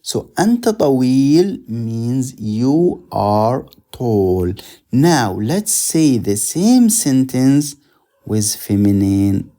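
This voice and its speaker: Guy teaching in english, real slow, warm mellow voice, says words over and over for drilling. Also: mid-range voice, very animated. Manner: patient, repeats words slowly for drilling. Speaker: Arabic teacher. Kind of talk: slow explanatory language lesson.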